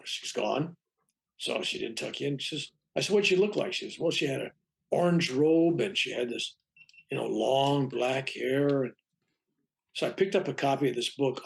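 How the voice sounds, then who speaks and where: A gravelly, medium-pitched voice belongs to an older man, a reverend, giving a long personal anecdote in conversation during an interview. His telling rambles, he acts out what people said, and he keeps restarting.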